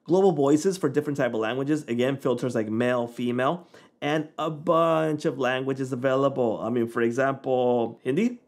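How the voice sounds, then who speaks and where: A man hosting a software tutorial, talking in a relaxed, informal way as he clicks through the steps. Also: medium pitch, normal speed. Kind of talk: casual screen-recording walkthrough.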